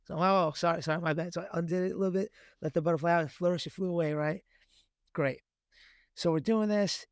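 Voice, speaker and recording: Guy in his 30s telling a funny family story on a podcast, kinda high voice, dead dry mic. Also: quick pace, clean tone, no room sound. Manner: animated storyteller, acts out his kids' voices. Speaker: podcast co-host. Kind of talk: casual chat.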